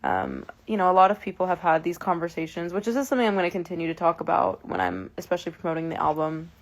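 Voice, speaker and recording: A woman in her twenties, with a lowish voice, speaks very animatedly and quickly while chatting casually with fans over a phone livestream. She gets emotional and often restarts, leaning on fillers.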